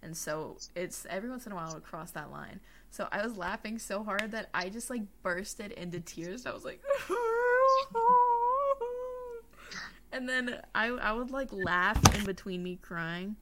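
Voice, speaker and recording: A young woman co-hosting a podcast, telling stories in a giggly, animated way, swearing now and then. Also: medium pitch, normal speed, hardly any pauses, a little hiss or hum. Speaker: podcast co-host. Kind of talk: casual chat.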